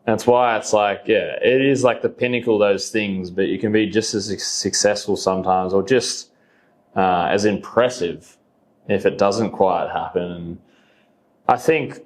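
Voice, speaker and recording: A man's voice: lowish voice, a little slow. A young Australian man talking casually as a podcast guest, rambling with lots of fillers and laughing often. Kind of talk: casual conversation.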